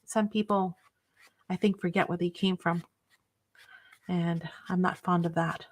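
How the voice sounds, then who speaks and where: A woman's voice: fairly low pitch, fairly even intonation, a little slow, heavy background noise. A woman hosting a craft live stream, chatting casually with viewers in an enthusiastic, rambling way.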